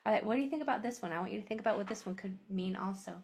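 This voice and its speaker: A woman's voice: mid-range voice, racing, darkish tone, husky. A woman teaching a phonics lesson to a class, sounding out letters and syllables, often dropping to a whisper.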